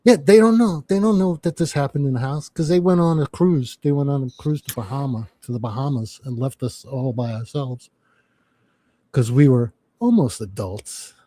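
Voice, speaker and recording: Middle-aged New York man, husky and mellow, swears freely while recounting a story with acted quotes. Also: mid-range voice, moderate pace, no room sound. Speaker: livestream host. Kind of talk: casual storytelling chat.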